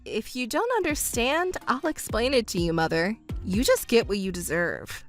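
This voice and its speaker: A woman voicing a calm, composed young stepdaughter in a texting story, speaking coolly and cuttingly. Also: a little high, normal speed, faint music behind, natural voice. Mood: cold.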